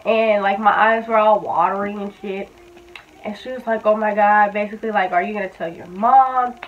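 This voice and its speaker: A woman's voice: medium pitch, fairly even intonation, moderate pace, slight background noise. A woman in her twenties casually telling a personal story, candid and blunt, full of fillers and swearing. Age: 20s. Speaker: vlogger. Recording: tinny, phone-like audio.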